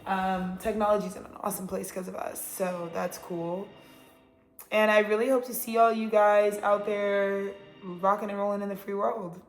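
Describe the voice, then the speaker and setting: Woman, tarot reader, blunt and rambling, roomy echo, soft music behind. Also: medium pitch, flat delivery, moderate pace. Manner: rambling, blunt, swears freely. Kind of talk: casual astrology reading.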